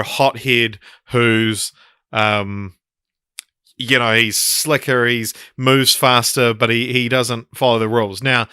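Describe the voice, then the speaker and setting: Bright, crisp-voiced male podcast host. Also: medium pitch, no echo, studio quality. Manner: rambling, many ums and restarts. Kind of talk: casual film podcast chat.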